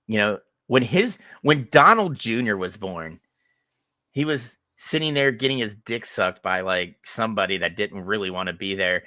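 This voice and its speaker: Podcast co-host, male, bright and animated, laughs through his stories. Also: medium pitch, unhurried, no room sound. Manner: laughing, joking storyteller. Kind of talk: casual crude podcast chat.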